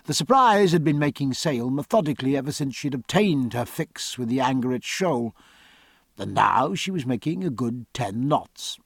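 A man reading a novel aloud with expressive, varied phrasing, close to the mic. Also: mid-range voice, normal speed, gravelly, husky, no room sound. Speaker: audiobook narrator. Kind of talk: scripted audiobook narration.

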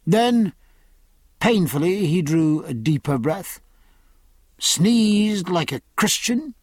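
A man narrating a novel aloud in an expressive, measured storytelling manner. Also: high voice, breathy edge, dry recording. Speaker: audiobook narrator. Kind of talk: scripted narration.

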